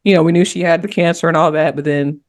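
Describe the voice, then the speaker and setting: A woman's voice: deep voice, steady tone, fast talker. A woman on a podcast panel, candidly and reflectively telling a personal story in casual conversation.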